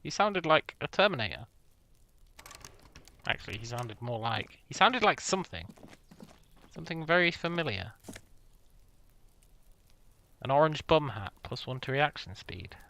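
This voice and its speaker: A man's voice: fairly high pitch, sing-song, moderate pace, pauses often, bright, forceful tone, no room sound. A young man hosting a game playthrough, joking and reading dialogue options aloud. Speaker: gaming video host. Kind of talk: casual let's-play commentary.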